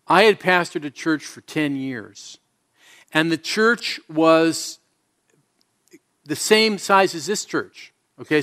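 A middle-aged male pastor preaches to his congregation, his voice sitting a touch higher than most men's. He is an earnest storyteller with a streak of self-mocking humor. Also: fairly bright tone. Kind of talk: sermon. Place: church service before a congregation.

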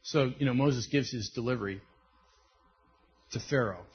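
At normal speed and in a husky, mid-range voice, a pastor tells lively sermon stories and acts out what the characters say. The sound is dull and lo-fi.

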